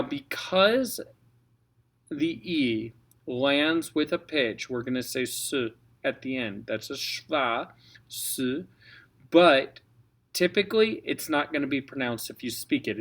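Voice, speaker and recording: A man's voice: medium pitch, fairly bright tone. A man coaching a choir on French diction, patiently spelling out letters and modeling each sound. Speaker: choir director. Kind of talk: French diction lesson for singers.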